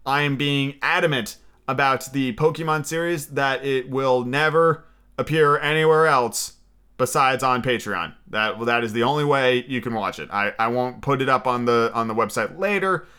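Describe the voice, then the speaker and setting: A man's voice: mid-range voice, moderate pace, pushed and bright, clear, resonant tone. A man hosting his own podcast, chatting casually and rambling, with plenty of fillers and restarts. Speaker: podcast host and reader. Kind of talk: casual chat and audiobook reading.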